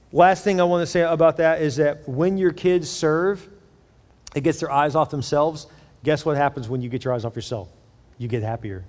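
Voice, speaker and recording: A middle-aged male pastor delivering a sermon, telling animated stories and then dropping to a soft prayerful voice. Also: fairly high pitch. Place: large church auditorium. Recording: long church hall reverb with faint music.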